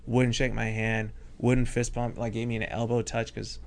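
A man's voice: mid-range voice, moderate pace, vocal fry. A man, a stage hypnotist and guest, telling funny stories in a casual chat and acting out the people in them. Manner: animated, acts out the people in his stories. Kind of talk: comedic storytelling in casual chat.

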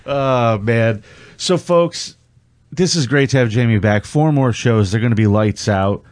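A man's voice: mid-range voice, a little slow, darkish tone, slight background noise. A man from Rochester hosting a casual chat show, with dry, teasing banter. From Rochester, New York. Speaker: podcast host.

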